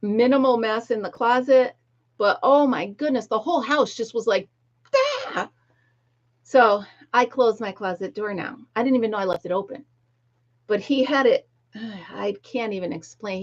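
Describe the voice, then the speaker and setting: A woman's voice: fairly high pitch, normal speed. A middle-aged woman chatting casually to viewers on a livestream, telling stories and laughing often. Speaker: livestream host. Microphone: laptop mic. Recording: dull lo-fi laptop audio.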